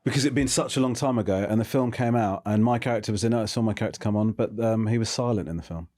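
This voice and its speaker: A middle-aged man hosting a casual chat, relaxed and wry in his asides. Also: fairly low pitch, fast talker. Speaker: host.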